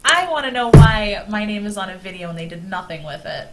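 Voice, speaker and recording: A woman's voice: medium pitch, expressive, a little fast, heavy background noise. Chatty, laughing woman co-host. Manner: laughs often, chatty and joking. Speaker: podcast co-host. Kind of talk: casual chat.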